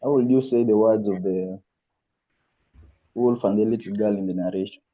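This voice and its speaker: A man's voice: lowish voice, steady tone, normal speed. A male student hesitantly asking his teacher a question during an online class over a video call. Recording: tinny phone-like line.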